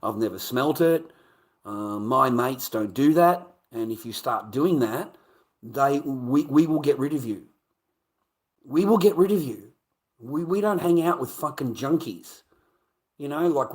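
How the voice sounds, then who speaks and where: A man streaming live, rambling through a story with heavy swearing and animated bursts. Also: medium pitch, measured pace. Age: adult. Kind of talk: casual livestream storytelling.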